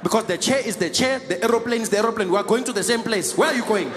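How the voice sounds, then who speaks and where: A man's voice: high voice, racing, slight background noise, lightly acted. A man doing a breezy South African seat-taker. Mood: wheedling. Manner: breezy, wheedling, ends lines with "eh". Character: easygoing South African man who took another's plane seat.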